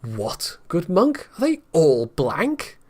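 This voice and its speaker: A man voicing a loud, hot-tempered, vain male king in a novel reading, bellowing his lines. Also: a little high, wildly swooping pitch, slow pace, exaggerated voice. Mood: genial.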